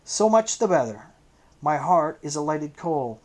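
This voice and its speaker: A man's voice: on the high side, sing-song, measured pace, a little mellow. A man reading a bitter, tormented young man. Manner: bitter, terse, pained. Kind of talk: audiobook character reading.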